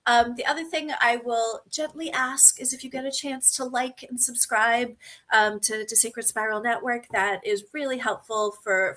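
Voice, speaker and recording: Bright, upbeat woman co-host. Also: fairly high pitch. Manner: upbeat, encouraging cheerleader tone. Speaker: co-host medium. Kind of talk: live-stream chat.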